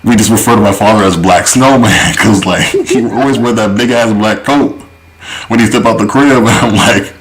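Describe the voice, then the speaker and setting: A man's voice: on the low side, moderate pace, slight background noise, rough recording. A man co-hosting a podcast, telling a story in a laid-back, slangy way with many fillers and chuckles. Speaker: podcast co-host. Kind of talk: casual storytelling chat.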